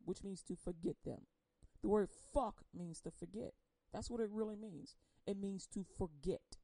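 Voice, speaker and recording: A woman giving an impassioned personal testimony on air. She speaks emotionally and bluntly, swinging between loud outbursts and hushed confession. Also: mid-range voice, measured pace, vocal fry, long pauses, dry recording, low-quality recording. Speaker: churchgoer sharing a personal testimony.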